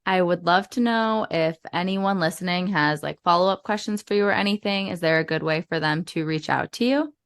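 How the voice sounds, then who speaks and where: A woman's voice: on the low side, a little fast, hardly any pauses, smooth. A woman hosting a podcast, talking with a guest in a friendly, reflective way. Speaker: podcast host. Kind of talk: casual interview conversation.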